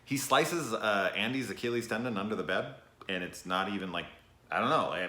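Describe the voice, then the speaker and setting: Profane, rambling man reviewing horror films. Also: deep voice. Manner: profane, rambling, animated, sniffs often. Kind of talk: casual spoken movie review. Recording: echoey room.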